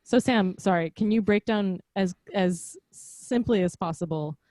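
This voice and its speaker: A woman's voice: mid-range voice, a little slow, warm tone, no room sound. Chatty woman asking curious questions. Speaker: festival host and podcast host. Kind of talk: casual class discussion. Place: home room. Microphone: directional microphone close up, video call.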